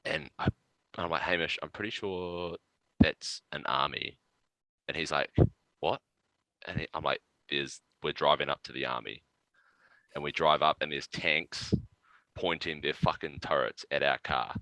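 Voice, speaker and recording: Deep-voiced New man telling stories. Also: a little slow, no echo, poor audio. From New Zealand. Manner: animated anecdote-telling with profanity and laughs. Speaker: podcast guest. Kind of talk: casual storytelling.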